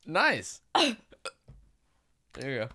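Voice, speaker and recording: A woman's voice: extremely low pitch, wildly swooping pitch, extremely slow, background noise. A young woman hosting a casual podcast chat, blunt and teasing, swearing freely as she coaxes her sister. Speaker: podcast host.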